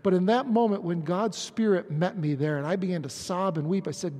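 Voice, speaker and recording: A middle-aged man preaching a personal testimony sermon, moving from quiet storytelling to impassioned shouting. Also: high-pitched, a little fast, hardly any pauses, long reverb tail. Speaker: pastor.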